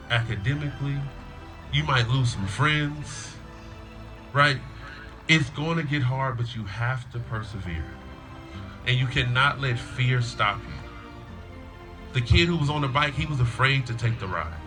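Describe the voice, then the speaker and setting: Middle-aged male coach, warm storytelling speech at a school graduation, mid pitch, music playing underneath. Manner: storytelling, acts out a child's whiny voice in quotes.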